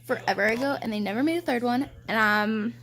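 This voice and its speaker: A young woman chats to camera for her reading vlog. Her voice sits a little higher than usual, and she talks loosely and swears freely as she rants about what she has been reading. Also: fast talker, fairly bright tone. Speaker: book vlogger.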